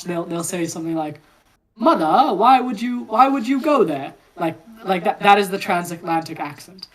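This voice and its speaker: A woman explaining a topic in a casual group discussion, lively and chatty with fillers. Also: lowish voice, poor audio. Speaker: discussion participant. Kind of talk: casual philosophical chat.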